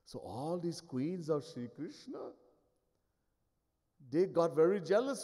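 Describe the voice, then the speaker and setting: Swami storyteller, man, somewhat high voice, acts out figures, live hall reverb. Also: takes it slowly, pauses often. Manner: animated, acts out each figure, chuckles often. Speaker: swami giving a discourse. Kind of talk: devotional storytelling sermon.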